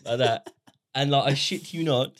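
A man's voice: mid-range voice, moderate pace, slight background noise. A young British man co-hosting a casual podcast, telling an awkward story and laughing as he acts out the quotes. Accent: British English. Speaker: podcast co-host.

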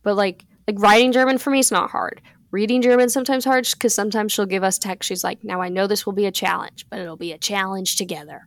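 A teenage girl co-hosting a podcast, chatting in a relaxed way and laughing often. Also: mid-range voice, fast, hardly any pauses, no room sound. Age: teens. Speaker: podcast co-host. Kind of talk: casual chat.

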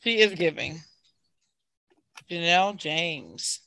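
A woman chatting casually as a co-host, animated and laughing often. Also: on the low side, takes it slowly, gravelly. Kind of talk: casual chat.

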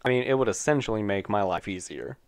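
A man's voice: fairly low pitch, quick pace, clean tone. A young man co-hosting a casual podcast, joking crudely and laughing often. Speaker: podcast co-host.

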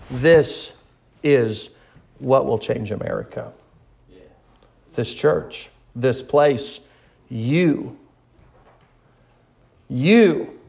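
A man's voice: mid-range voice, gravelly. A man preaching a sermon in an impassioned, pleading way, repeating words and building to outbursts.

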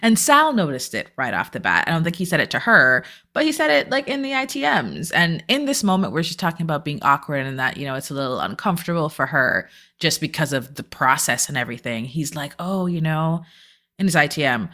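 A woman's voice: low-pitched, big pitch swings, a little fast, sharp tone. A woman co-hosting a podcast, recapping a reality show in blunt, sarcastic, casual chat and swearing freely. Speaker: podcast co-host.

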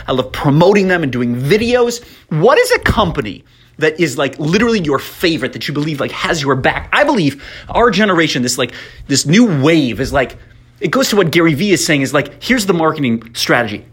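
A young man hosting his own podcast in an upbeat, excitable way, full of fillers and slightly out of breath from pacing. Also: a little high, fairly quick, breathy edge. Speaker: podcast host. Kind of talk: casual solo podcast monologue.

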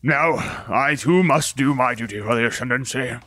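A man's voice: medium pitch, moderate pace, fairly bright tone, lightly acted. A man voicing a formal, pious male warrior who speaks in stiff, archaic phrases. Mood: lofty. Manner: stiff, archaic, lofty speech.

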